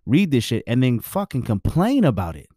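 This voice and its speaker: A man's voice: mid-range voice, huge pitch swings, moderate pace, dark tone, dry recording, clean studio sound. A married man giving his views in a blunt, preachy, profane casual monologue.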